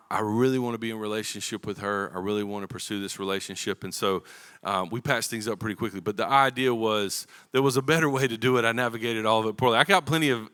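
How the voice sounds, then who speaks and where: A man's voice: fairly low pitch, bright, forceful tone, clean tone. A man in his thirties preaching a sermon as a pastor, telling a personal story in a casual, conversational way before reading scripture. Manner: casual storytelling with Southern-inflected slang. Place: church auditorium.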